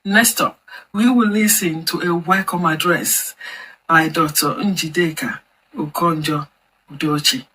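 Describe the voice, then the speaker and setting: A woman hosting a formal online celebration event, announcing each part in a measured, deliberate way. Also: sits low, steady tone, sharp tone, husky, rough recording. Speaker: event host and campaign founder.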